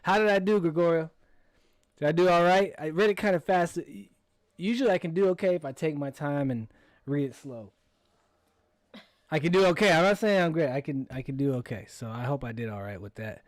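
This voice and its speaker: A man's voice: a little high, fairly quick, no echo, clean studio sound. A man hosting a casual livestream, reading viewer comments aloud and answering them in an easygoing way. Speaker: livestream host.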